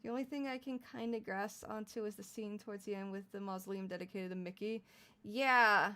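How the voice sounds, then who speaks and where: A woman's voice: mid-range voice, a little fast, bright, forceful tone, clean tone. A young adult woman chatting casually on a live stream, giggly and rambling, laughing often. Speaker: VTuber streamer.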